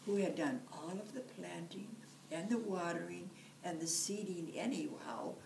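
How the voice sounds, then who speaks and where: Slow expressive woman storyteller. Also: fairly low pitch, vocal fry, far from the mic, a little hiss or hum. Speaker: library storyteller. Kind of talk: reading a folktale aloud. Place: library room. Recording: echoey room, from afar.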